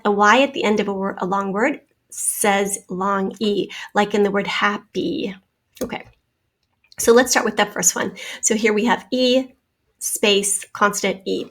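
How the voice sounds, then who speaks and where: A woman teaching a spelling lesson, patiently sounding out words and letters as she draws on the screen. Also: a little high.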